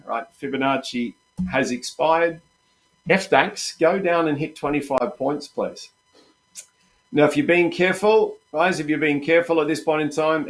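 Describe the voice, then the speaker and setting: A man hosting a live trading session, chatty and upbeat, repeatedly calling his viewers "guys". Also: mid-range voice. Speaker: trading coach and host.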